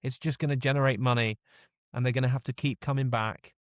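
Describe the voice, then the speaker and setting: Halting man in podcast chat. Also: mid-range voice, steady tone, no room sound, studio quality. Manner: halting, restarts often. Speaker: podcast co-host. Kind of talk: casual chat.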